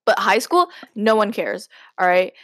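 A woman's voice: mid-range voice, sing-song, a little slow, fairly bright tone, no room sound, clean studio sound. A woman hosting a podcast, reading her old story aloud and breaking in with giggly, self-mocking asides. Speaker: podcast host.

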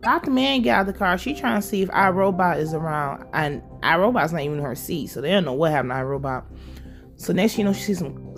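A woman casually recapping a TV episode, animated and profane, laughing as she tells it. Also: on the low side. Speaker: show recap vlogger.

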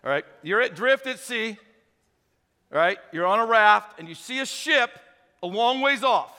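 A man preaches to a packed auditorium, quizzing and teasing the crowd. His voice sits high and bright. A long reverb from the big hall trails every phrase. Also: normal speed. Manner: animated, interactive, joking with the crowd. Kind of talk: sermon to a live auditorium. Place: large auditorium.

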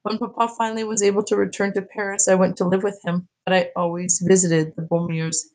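A woman reading aloud from a novel, voicing a gentle, kindly elderly grandmother who speaks softly and tenderly. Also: medium pitch, little pitch movement, fairly quick, close to an everyday voice, poor audio. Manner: soft, tender storytelling.

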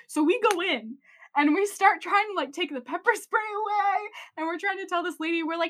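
A high-voiced young woman co-hosts a chatty podcast and spins a long, animated story. She fills it with "like" and breaks into laughter as she goes. Her voice sits well above the usual range. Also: brisk. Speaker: podcast co-host. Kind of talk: casual storytelling chat.

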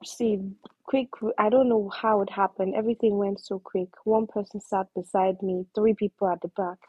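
A young Nigerian woman telling a story in casual chat, acting out her own shouting and slipping into pidgin. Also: mid-range voice, normal speed, slightly rough, dry recording, poor audio. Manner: animated, switches into pidgin, acts out shouting.

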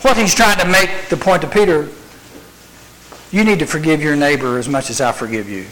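Preaching to a youth audience, this man speaks at a moderate pace with a fairly bright, somewhat high voice. He dramatizes scenes as a live demonstration and poses rhetorical questions throughout, captured on a low-quality recording.

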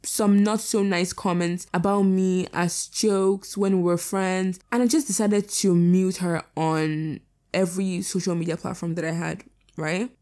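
Teenage girl, blunt and sassy, low-pitched, warm mellow tone, casual vlog talk. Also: steady tone, measured pace. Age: teens. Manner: blunt and sassy, frequent swearing. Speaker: vlogger.

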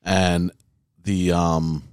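A man's voice: low-pitched, level tone, very slow, a little mellow, clean tone, no echo, clean studio sound. A man hosting a casual podcast chat, reading old prophecies aloud and breaking them down in a loose, joking way with many fillers and restarts. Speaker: podcast host.

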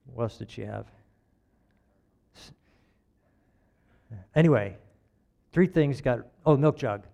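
A man speaking to a church congregation in an easygoing, folksy storytelling manner. His voice sits at an ordinary middle pitch. He chuckles at himself now and then as he talks. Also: measured pace, gravelly, long pauses, warm tone. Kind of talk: conversational storytelling sermon.

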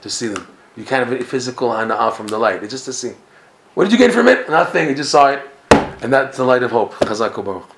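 A man teaching a Torah class, telling a story with lively feeling and mixing in Hebrew and Yiddish terms. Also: mid-range voice, fairly quick. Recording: echoey room.

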